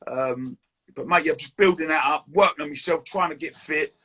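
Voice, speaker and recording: A man chatting casually as a guest, full of quick banter and a husky edge. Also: fairly high pitch, bright, forceful tone. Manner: fast, chirpy banter with lots of "mate". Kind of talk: casual chat.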